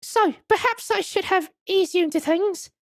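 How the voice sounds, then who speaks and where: A woman's voice: very high voice, normal speed, no room sound, pitched above the performer's own voice. A woman voicing a genteel, formal woman museum curator who speaks politely and a little apologetically.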